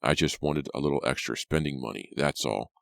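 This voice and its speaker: Brief: man playing a desperate young gunman, deep and gritted, slow menace, storybook reading. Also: vocal fry, dry recording, studio quality. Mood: menacing. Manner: low, growled through clenched teeth. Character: angry young male kidnapper, threatening and desperate.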